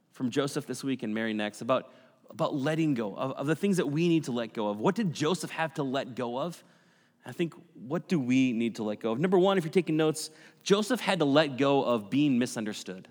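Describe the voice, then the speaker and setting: A male pastor delivers a sermon in an easy, conversational storytelling manner. His voice sits fairly high for a man. Long hall reverb hangs on every line.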